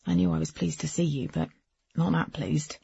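A weary young boyfriend with a low, hushed voice, fond and a bit sheepish, as a female narrator puts him on. The voice is gravelly and very husky in a dull, dry recording. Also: steady tone, normal speed, dry recording, exaggerated voice. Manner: low and soft-spoken. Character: tired, affectionate young boyfriend.

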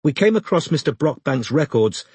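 A young female investigator speaks in measured, polite tones, keeping her cover, as a man reading aloud puts her on. The voice sits somewhat above the reader's natural pitch with a husky texture. It is recorded close and dry. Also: very animated, darkish tone, no room sound, exaggerated voice. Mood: cautious. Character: young woman detective posing as a lawyer.

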